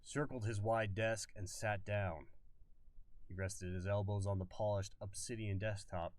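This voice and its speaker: Man, casual live-stream book reading, stumbles and restarts, lowish voice, dry room. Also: fairly even intonation, measured pace, no echo, recorded from a distance. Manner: stumbles and rereads, comments on himself. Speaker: streamer reading a novel aloud.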